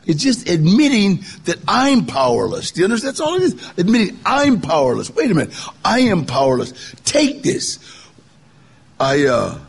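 With a fairly high, gravelly and slightly rough voice, an older man recounts his life as a guest storyteller. He keeps it conversational and imitates the people whose words he repeats.

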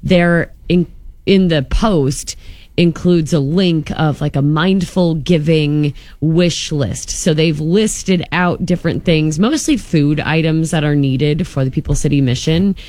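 A woman's voice: low-pitched, takes it slowly, darkish tone, no echo. A woman co-hosting a local morning radio show, sharing community news in a chatty way with frequent fillers. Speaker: radio co-host.

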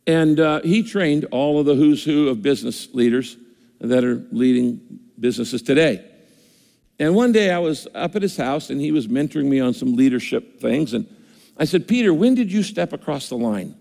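A man's voice: mid-range voice, normal speed, gravelly, a little mellow. A man preaching a sermon as pastor, earnest, repeating words for emphasis. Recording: echoey hall reverb.

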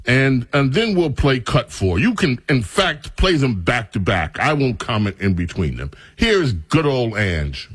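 Animated husky male radio host. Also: mid-range voice, no echo, studio quality. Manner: mocking, animated, drawn-out words. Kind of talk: opinionated radio monologue.

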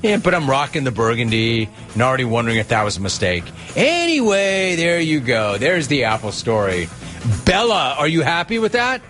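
A man's voice: medium pitch, sing-song, normal speed, a bit bright, soft background music. A man hosting a radio show, telling a story in a chatty, wry, self-deprecating way. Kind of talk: casual storytelling monologue.

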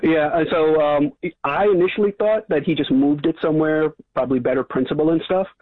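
A man's voice: fairly high pitch, a little fast, no room sound. A man calling in to a radio talk show by phone, talking hesitantly with many fillers and restarts. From Long Island. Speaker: caller. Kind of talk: phone-in call. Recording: tinny phone line.

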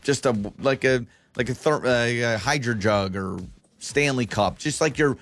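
Animated joking man co-host. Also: medium pitch, measured pace, soft background music. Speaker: radio co-host. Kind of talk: casual chat.

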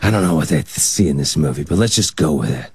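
A man quoting an aging male movie star in a low, gruff, resigned voice while telling a story in an interview. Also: lively intonation, fast, no echo, clean studio sound, heavily acted.

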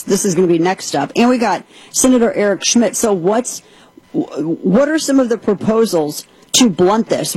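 Female talk host, husky and emphatic, indignant commentary with a dry studio sound. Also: lowish voice, darkish tone, dry recording, poor audio. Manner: emphatic, indignant, quotes at length. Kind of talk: opinion commentary and host-read ad.

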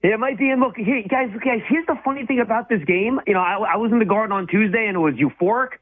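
A man co-hosting casual sports talk, talking fast and emphatically, with many restarts. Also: high voice. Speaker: sports radio co-host. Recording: tinny phone-like line.

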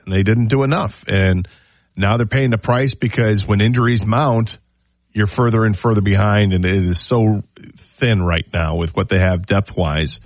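Low-voiced male sports radio host. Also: dry recording, rough recording. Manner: measured, opinionated analysis. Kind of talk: sports talk radio commentary.

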